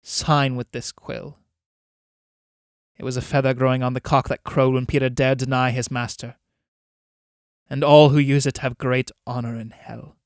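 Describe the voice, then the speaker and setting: A man's voice: mid-range voice, little pitch movement, moderate pace, pauses often, no room sound, clean studio sound, natural voice. A man reading the part of a mocking merchant who buys souls, speaking with scorn. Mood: scornful. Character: mocking male soul-merchant, scornful and proud.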